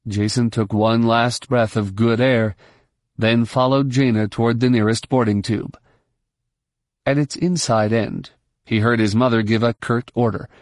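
Scripted audiobook narration comes from a man with a mid-range voice, measured and steady. The sound is dry and studio clean.

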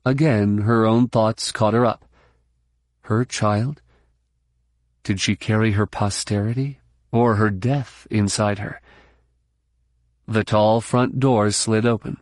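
A man narrates a novel as an audiobook narrator, his voice low, unhurried, measured and even. The scripted reading is recorded close and dry, with no room sound and no echo.

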